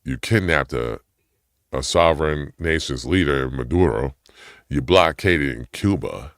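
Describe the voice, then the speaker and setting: A man's voice: expressive, a little slow, fairly bright tone, no echo, studio quality. A man delivering a heated, profane personal rant; his voice climbs sharply when he gets indignant. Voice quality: gravelly low voice.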